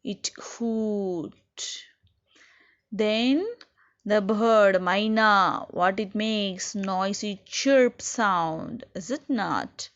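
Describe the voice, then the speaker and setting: Woman, schoolteacher, very slow, asks and answers, dull muffled recording. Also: mid-range voice, a bit bright. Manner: slow, explains to children, asks questions and answers them. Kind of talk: recorded online class lesson.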